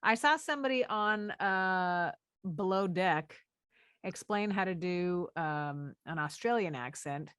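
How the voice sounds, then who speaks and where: A woman co-hosting a podcast in casual chat, playful and animated, quick to laugh. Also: on the low side, smooth, no echo, studio quality. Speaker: podcast co-host.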